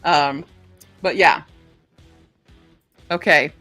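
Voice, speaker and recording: Chatty woman book streamer, lowish voice. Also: drawn-out words, bright, forceful tone, no echo, soft background music. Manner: chatty, reads book blurbs aloud. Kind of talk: casual livestream chat.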